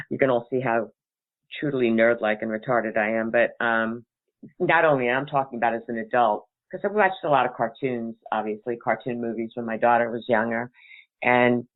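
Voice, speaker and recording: Giggly woman host on a tinny line. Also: rumbling low. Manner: giggly, laughs often, rambling. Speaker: radio talk show host. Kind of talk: casual chat and storytelling.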